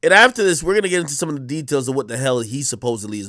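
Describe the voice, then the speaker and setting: A man's voice: medium pitch, racing, no echo, clean studio sound. A man hosting a live stream, making sarcastic, mocking commentary on clips he plays. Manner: sarcastic, mocking, animated reactions. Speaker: streamer host.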